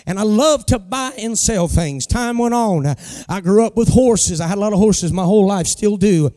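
A man's voice: high voice, normal speed, mellow, dry recording, studio quality. A middle-aged man, a pastor telling a folksy story as a sermon testimony. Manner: folksy storytelling with homespun sayings.

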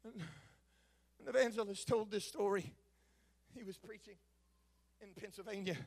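Preacher guy, real high gravelly voice, goes from quiet storytelling to hollering. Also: fairly even intonation, measured pace. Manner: repeats words when starting phrases. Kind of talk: sermon.

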